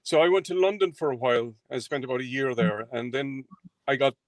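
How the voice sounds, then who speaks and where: A man in his sixties with an Irish accent from County Clare, a carpenter and guest chatting in an interview, relaxed and rambling with hesitant fillers. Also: medium pitch, fairly quick, dry recording, rough recording. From Ireland. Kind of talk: casual interview chat.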